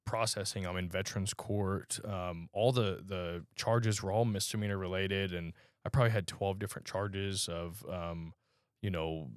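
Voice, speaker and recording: Brief: male podcast guest, low-pitched, earnest and halting testimony, dry close recording. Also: smooth, no room sound. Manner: halting, earnest storytelling with frequent pauses. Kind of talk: personal testimony in a conversational interview.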